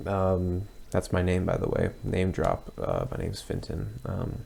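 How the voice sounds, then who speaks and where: A young man talking casually as he reacts to his own old video, hesitant and rambling, with lots of pauses and restarts. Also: deep voice, animated, gravelly, warm tone. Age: young adult.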